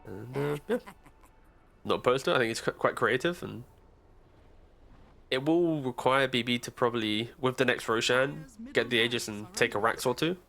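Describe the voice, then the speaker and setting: A man's voice: medium pitch, moderate pace, vocal fry, a bit bright, faint music behind. A man commentating live esports, giving casual, chatty analysis in a broadcast booth on a headset mic.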